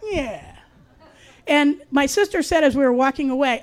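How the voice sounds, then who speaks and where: High-voiced woman telling a wry true story. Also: animated, moderate pace. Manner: wry, confiding, with dark humor. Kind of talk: personal storytelling.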